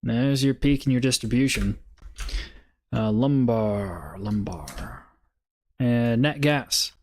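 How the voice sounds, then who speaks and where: A man's voice: mid-range voice, animated, takes it slowly, a little mellow, a little hiss or hum. A man hosting a casual trading live stream, laid-back and muttering, breaking into swearing laughter.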